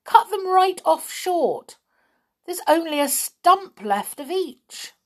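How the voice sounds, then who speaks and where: A woman voicing a bossy little male pixie in a children's storybook, brisk and lecturing. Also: fairly low pitch, expressive. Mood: horrified.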